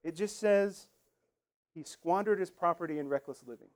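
A man's voice: high voice, moderate pace. A man preaching a sermon in a conversational, emphatic way, acting out the lines he quotes. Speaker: pastor.

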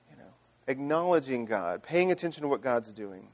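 A man's voice: medium pitch, moderate pace. A man, a pastor and father, preaching a sermon in a chatty, conversational way, full of "you know" and restarts. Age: adult father. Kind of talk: sermon with storytelling.

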